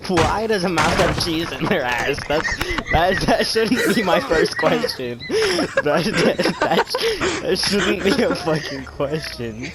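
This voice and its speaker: Slow-talking young guy over loud noise. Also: fairly high pitch, huge pitch swings. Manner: slow, laughing, asking joking questions. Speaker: friend in the chat. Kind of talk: late-night casual chat.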